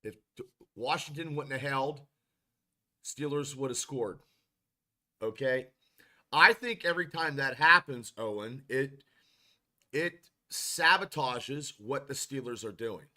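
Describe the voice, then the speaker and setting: A man's voice: mid-range voice, animated, takes it slowly, pauses often, pushed and bright. A man hosting a casual football podcast, rambling and frustrated, with many restarts as he reads chat comments. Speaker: podcast host.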